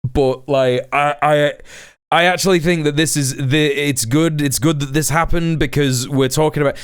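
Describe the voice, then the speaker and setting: A man's voice: a little high, fairly even intonation, moderate pace, clean tone, dry recording, clean studio sound. A young British man streaming a reaction, mocking and exasperated, swearing often. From Britain.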